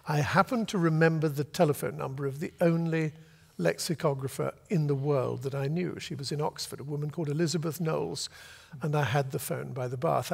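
An older man from Britain, an author telling a long, lively anecdote to a festival audience and acting out the voices he quotes. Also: a little high, gravelly, breathy edge, big-room sound. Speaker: author guest. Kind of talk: storytelling at a festival talk. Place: festival venue before an audience.

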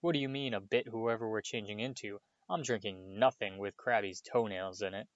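A man voicing a blunt, sharp-tongued schoolboy wizard. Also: lowish voice, normal speed, no echo, muffled recording, natural voice. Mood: scornful.

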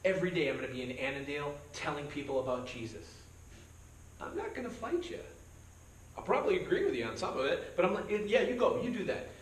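Very animated and fast, the man speaks in a voice on the high side, over slight background noise. He's a pastor leading a relaxed verse-by-verse Bible study, full of jokes and acted-out quotes. The church meeting room gives a roomy, distant sound with faint background.

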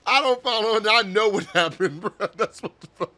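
A man's voice: high-pitched, a little fast, pushed and bright. A man giving casual, crude reaction commentary, joking and laughing often. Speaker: reaction video host.

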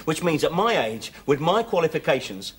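An actor playing a wry, grumbling ex-convict, trading sarcastic banter. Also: male voice, fairly high pitch, very animated, moderate pace. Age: 40s. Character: 45-year-old male ex-convict, wry and grumbling.

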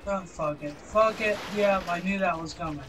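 A young man with a high voice offers casual gameplay commentary at a moderate pace, swearing and grumbling in frustration. He's a gaming video creator, and game music plays behind him amid background noise.

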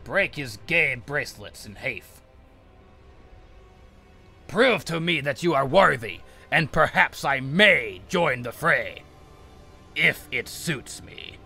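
Man doing a gravelly, bright-toned sorcerer master, grandiose and scornful, formal diction. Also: mid-range voice, animated, slow pace, pauses often, soft background music, voice pushed up, full character voice. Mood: haughty. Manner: grandiose, haughty, formal speech. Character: pompous male sorcerer mentor, scornful of apprentices. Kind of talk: in-character gaming role-play.

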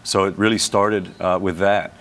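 A middle-aged man from Brooklyn with a very low, deep voice talks as a guest in a television studio. He chats in a relaxed, loose way, often restarting his sentences and filling gaps with small sounds. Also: normal speed, a little hiss or hum. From Brooklyn, New York. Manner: relaxed, speaks with many restarts and fillers. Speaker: sports announcer and guest. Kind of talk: casual TV interview chat.

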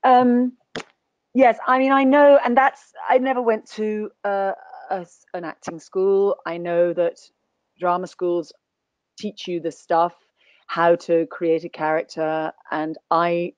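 A woman's voice: on the low side, level tone, slow pace, a little mellow, clean tone, dry recording, lo-fi sound. A woman guest actor speaking in a conversational webinar interview, thoughtful and anecdotal, often restarting her sentences. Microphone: video call.

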